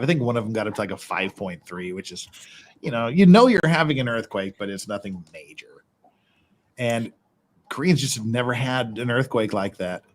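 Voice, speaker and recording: A man's voice: medium pitch, a little hiss or hum. A man hosting a livestream at home, telling rambling, casual stories, swearing freely and laughing often. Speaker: livestream host. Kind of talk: casual chat. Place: his house in Korea.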